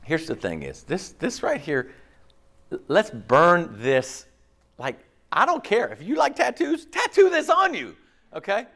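A male pastor delivers a sermon with a high-pitched voice that swoops up and down. He talks in an animated, rhetorical way and keeps checking in with his listeners. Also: measured pace, vocal fry.

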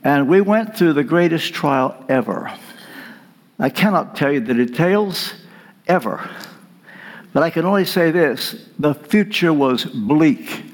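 A man delivering a sermon as a guest preacher, telling a story with dramatic pauses. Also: on the high side, animated. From United States.

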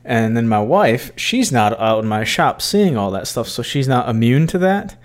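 Casting: easygoing male podcast co-host from Mississippi, casual chat, mid pitch. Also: very animated, moderate pace. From Mississippi, USA.

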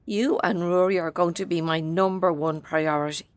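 A woman's voice: on the low side, normal speed, no echo, close to an everyday voice. An actress in her seventies with an Irish accent playing a fierce, defiant grandmother in prison. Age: 70s. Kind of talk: film drama acting.

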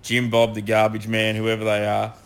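A man's voice: on the low side, monotone, moderate pace. A man in casual chat, blunt and crude with emphatic putdowns.

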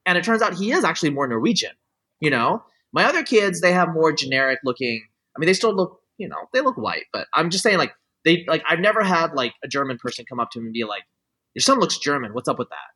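This slightly high male voice swings widely in pitch and moves fast, sounding pushed and bright with a breathy edge over a rough recording. He's middle-aged, chatting casually and laying out his views in long, filler-heavy sentences that keep restarting.

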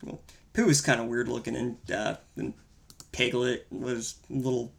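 A man's voice: mid-range voice, fairly even intonation, normal speed, vocal fry. A man co-hosting a casual film-review podcast, talking in a wry, rambling, profane way. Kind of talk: casual chat.

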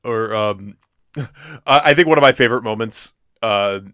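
Bright, dry-voiced young man chatting. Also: on the low side, moderate pace, smooth, no room sound. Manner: hesitant, stumbling restarts. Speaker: podcast co-host. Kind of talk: casual chat.

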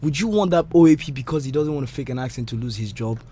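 Male radio presenter guest, polished radio accent, animated and defensive, mid-pitched, repeats himself to push a point. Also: fast talker, breathy edge. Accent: polished radio-style English accent. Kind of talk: casual argumentative chat.

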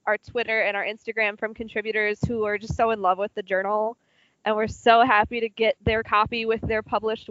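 A woman's voice: medium pitch, fairly bright tone, dry recording. A young adult woman, a student literary journal editor, talks through her semester in an earnest, rambling way, full of fillers, heard over a remote call. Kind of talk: casual group reflection. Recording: dull, lo-fi, dry sound.

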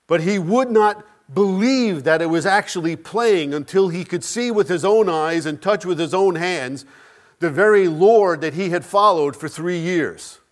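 A man delivering a sermon in a somewhat high voice. He speaks with emphasis, slowing for dramatic pauses and swinging between loud lines and soft ones. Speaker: pastor. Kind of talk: Easter sermon.

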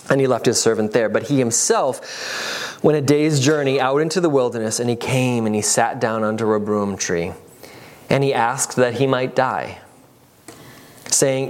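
A man preaching a sermon, reading scripture aloud and lively voicing the people in the passages. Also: medium pitch. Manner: animated, voices the characters in the passages he reads. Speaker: pastor.

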